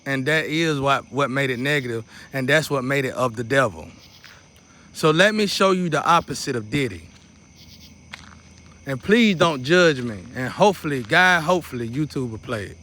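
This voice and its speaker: A man's voice: mid-range voice, expressive, normal speed, sharp tone. A man teaching a guided meditation in a loose, repetitive, casual way, dropping in preacherly asides. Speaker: spiritual teacher.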